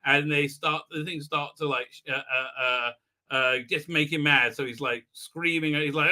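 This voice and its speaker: A man's voice: fairly high pitch, fairly even intonation, moderate pace, sharp tone. A man hosting a live stream, recapping an episode in a rambling, sarcastic way, full of fillers, mocking the characters as he goes. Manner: rambling, sarcastic, mimics characters mid-sentence; many fillers. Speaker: host.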